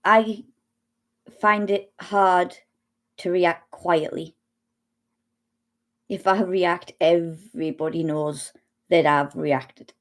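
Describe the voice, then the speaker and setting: Slow, halting woman speaking from experience. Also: lowish voice, fairly even intonation. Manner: slow, halting, with long pauses and restarts. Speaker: speaker sharing personal experience. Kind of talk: personal testimony talk.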